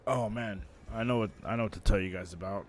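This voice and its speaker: Low-voiced man telling a story on stream. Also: fast talker, a little hiss or hum. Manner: swearing, storytelling, animated retelling. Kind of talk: casual gaming stream chat.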